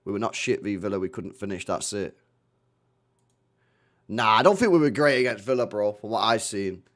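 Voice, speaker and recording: A man's voice: fairly low pitch, animated, moderate pace, a bit bright. A man running a live football reaction stream, blunt and slangy, swearing freely as he reacts to the play.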